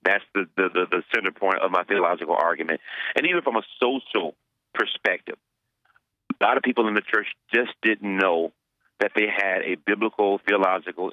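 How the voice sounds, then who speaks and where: A man's voice: lowish voice, pushed and bright, dry recording, muffled recording. A man, a pastor, answering interview questions earnestly, often repeating words as he searches for them.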